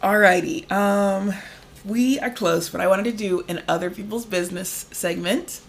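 A woman's voice: mid-range voice, moderate pace, gravelly, a little hiss or hum. A woman co-hosting a podcast in casual chat, talking loosely with lots of fillers and easy laughs. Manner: chatty, many "like" fillers, laughs easily. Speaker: podcast co-host.

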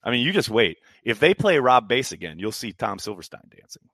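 A man's voice: medium pitch, sing-song, fairly quick, fairly bright tone, no echo, clean studio sound. A man hosting a live fan chat stream, hyped and chatty as he reads comments and answers questions. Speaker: podcast host reading chat.

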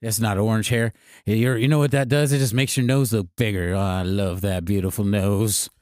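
A man playing a sheepish, hard-drinking male country singer who mumbles and hesitates in a soft, low drawl during an improvised comedy scene. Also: steady tone, moderate pace, no room sound, clean studio sound, natural voice. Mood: tender.

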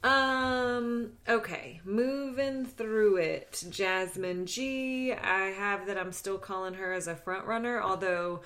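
A woman co-hosting a podcast in casual chat, talking in quick ironic asides. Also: mid-range voice, fairly bright tone. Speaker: podcast co-host.

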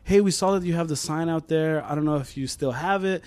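Slightly high and slightly quick, this man's voice carries a relaxed podcast chat he co-hosts. He's a lively storyteller who acts out whatever anyone in his tales said.

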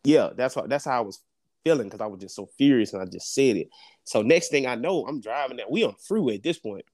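This podcast co-host, a young man with a mid-range voice, talks fast while telling a story in casual conversation. The recording is dry and studio quality; he comes across animated, cursing and laughing a lot.

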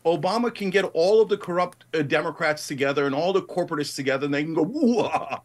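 A man's voice: a little high, fast. A middle-aged man in a heated political debate, emphatic and passionate, rising to indignant outbursts. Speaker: guest commentator.

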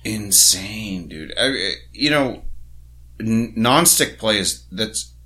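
A man with a low, deep voice chats loosely on a sports podcast. He rambles, swears freely and stumbles through a list of player names. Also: expressive, slow, pushed and bright. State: has the hiccups. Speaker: podcast co-host. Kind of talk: casual sports podcast chat.

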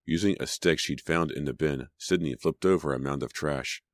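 A man with an extremely deep voice narrates an audiobook in a measured, storytelling way. The read is dry and close to the mic, with no room around it. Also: no echo. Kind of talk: scripted narration.

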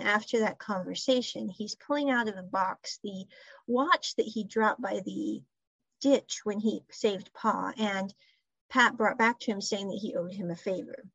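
A woman's voice: mid-range voice, slightly rough, dry recording, highs cut off. A woman casually recapping a drama episode, chatting and quoting the characters in her own voice. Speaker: show recapper.

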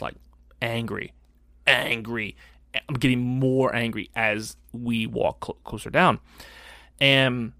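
A middle-aged man tells a story on a podcast in a loose, profane way and acts out the other people's lines. He sits close to a dry studio mic with no room sound. His pitch is average for a man. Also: a bit bright, no room sound. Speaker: podcast co-host. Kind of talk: casual storytelling chat.

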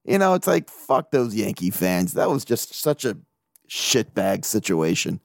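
A man's voice: lowish voice, a little slow, creaky, no room sound, studio quality. A man hosting a casual sports podcast, ranting with lots of swearing and laughing at himself. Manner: profane, animated ranting. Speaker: podcast host.

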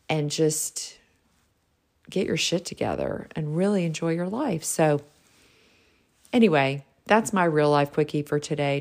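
Bubbly low-voiced woman telling stories. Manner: bubbly and gushing, heavy use of "like". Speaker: realtor and podcast host. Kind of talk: casual solo storytelling.

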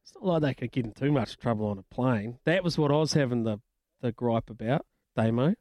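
A man with a New Zealand accent co-hosting sports radio, animated and blokey when giving his opinions. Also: medium pitch, a little fast, no room sound. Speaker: radio co-host, former rugby referee. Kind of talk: casual sports radio chat. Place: radio studio. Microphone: studio mic.

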